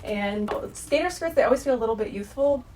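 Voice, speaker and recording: A woman's voice: a little high, animated, a little fast, a little mellow, a little hiss or hum. A woman, chatting casually and bubbly through a clothing try-on haul, full of "like" and "sort of" fillers. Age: 30s. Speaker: fashion vlogger.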